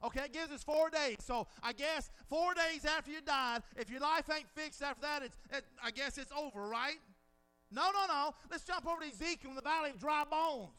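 A man preaching a sermon, dramatizing scenes with quoted dialogue and swinging from hushed lines to shouted peaks. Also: very high voice, brisk.

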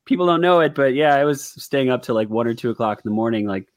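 A man hosting a casual sports podcast, upbeat and chatty with quick asides. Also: mid-range voice, expressive. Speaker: podcast host.

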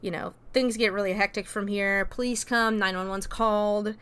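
A woman's voice: mid-range voice, steady tone, moderate pace, fairly bright tone, clean tone. A woman casually recapping a movie plot in a chatty, loose way, full of "like" and "you know" and freely dropping swear words. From America. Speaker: movie reviewer.

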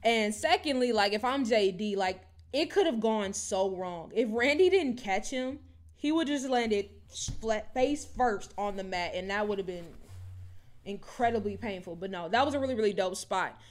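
A woman co-hosting a podcast, chatting casually and animatedly about wrestling, with lots of "like" and "low-key". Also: expressive, normal speed. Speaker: podcast co-host.

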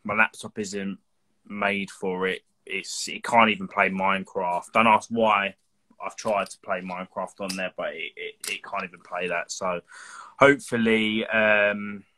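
A man's voice: deep voice, bright, forceful tone. A young man hosting a live stream, chatty and teasing, often restarting his sentences. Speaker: host of a reptile live show. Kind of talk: casual live-stream chat.

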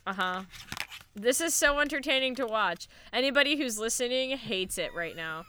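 A woman's voice: a little high, animated, moderate pace, pushed and bright, a little hiss or hum. A young woman hosting a podcast, chatting playfully, swearing often and reading a news story aloud. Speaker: podcast host. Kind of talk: casual podcast chat.

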